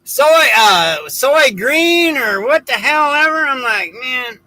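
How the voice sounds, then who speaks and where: This is an American man in a casual chat, with a very high, sharp, bright voice. He talks slowly and drawls as he jokes. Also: expressive, poor audio. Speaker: livestream co-host.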